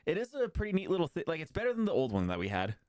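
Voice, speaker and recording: A man's voice: a little high, wildly swooping pitch, a little mellow, no room sound, clean studio sound. A man co-hosting a live stream, chatting casually and reading out viewer comments. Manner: quick, reads chat comments aloud. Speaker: stream co-host. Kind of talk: casual chat.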